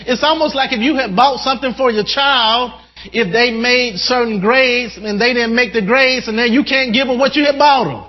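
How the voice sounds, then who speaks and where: A male preacher delivering an animated sermon, often repeating words as he addresses the congregation. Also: extremely high pitch, moderate pace. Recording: dull sound with long hall reverb.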